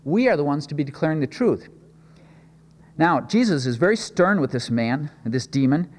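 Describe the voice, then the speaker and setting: Guy preaching in a big echoey hall, chatty, keeps asking the room questions, voice sits a bit high. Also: animated, moderate pace, a little mellow. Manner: conversational, rhetorical questions, frequent restarts. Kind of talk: expository sermon.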